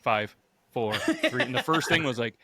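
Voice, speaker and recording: A man with a mid-pitched voice chats on a podcast in a very dry, close sound. He is wry and teasing, and often acts out other people's lines in quoted voices. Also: wildly swooping pitch, normal speed, sharp tone, dry recording. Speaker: podcast co-host. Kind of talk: casual chat.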